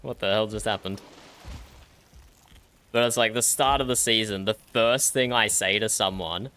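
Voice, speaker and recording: A man's voice: fairly low pitch, moderate pace, sharp tone, clean tone. An Australian man chatting casually during an online roleplay game, laughing often and repeating his own phrases. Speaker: roleplay streamer.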